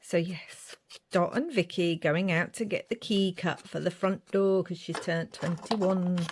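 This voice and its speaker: Brief: Irish-born woman craft vlogger, unhurried and chatty, with muttered asides. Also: lowish voice, fairly even intonation, a little hiss or hum. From Ireland. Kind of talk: casual craft chat.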